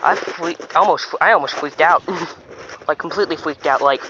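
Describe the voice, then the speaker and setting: A man's voice: fairly high pitch, normal speed. Rambling man fishing outdoors, lo-fi. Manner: rambling and chatty, with frequent stops and restarts. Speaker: fishing vlogger. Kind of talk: casual running commentary while fishing. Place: outdoors by a pond. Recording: dull lo-fi outdoor recording with noise.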